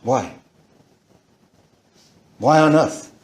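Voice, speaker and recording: A man telling the audience his own story in a lively storytelling talk, full of rhetorical questions. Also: medium pitch, very slow, roomy sound. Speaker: speaker giving a conversion testimony.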